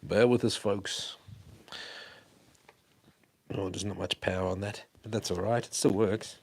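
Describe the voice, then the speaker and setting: Walking through his house and down a hallway, a livestream host tinkers with gear on a wireless mic, rambling casually and swearing. His voice is on the low side, a little slow and mellow, slightly rough, with fairly even intonation.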